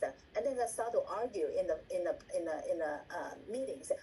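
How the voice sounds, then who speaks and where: Trainer: woman, dark-toned and repetitive, acts out examples, video-call sound with faint hiss. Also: mid-range voice, expressive, fast, hardly any pauses, rough recording. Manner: repeats words, asks "right?" often, acts out example lines. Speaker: meeting trainer. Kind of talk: instructional talk on a video call.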